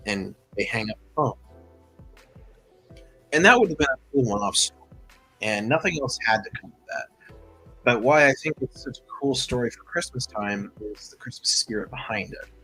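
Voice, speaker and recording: A man's voice: mid-range voice, lively intonation, moderate pace, sharp tone, husky, soft background music, low-quality recording. A man hosting a livestream, telling a story in a chatty, rambling way full of asides. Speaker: host.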